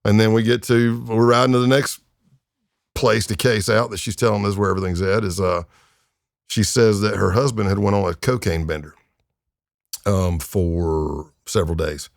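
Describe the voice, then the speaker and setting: Recorded cleanly in a podcast studio with no echo, this middle-aged man is a retired FBI undercover agent guesting on the show. He recounts crime stories casually, chuckling and using lots of fillers, in a lowish, steady voice with vocal fry at normal speed.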